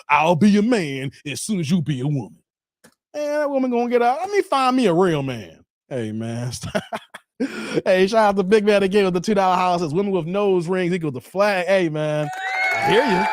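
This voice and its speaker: A man hosting a livestream, reacting to a clip with laughing, animated commentary and thanking viewers for donations. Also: high voice, dry recording, studio quality. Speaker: channel host reacting to a clip.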